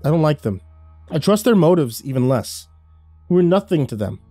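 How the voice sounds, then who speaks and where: A man's voice: fairly high pitch, big pitch swings, normal speed, warm tone, husky, no room sound, soft background music, voice pushed up. A man doing a terse, guarded young fighter. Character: battle-worn younger man, suspicious and blunt.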